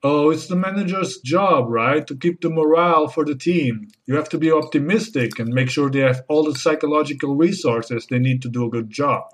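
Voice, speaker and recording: A man acting in a comedy sketch, talking about family life in chirpy corporate jargon and telling a joke with lively put-on voices. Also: fairly high pitch, normal speed, hardly any pauses. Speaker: sketch actor playing a corporate-speak husband.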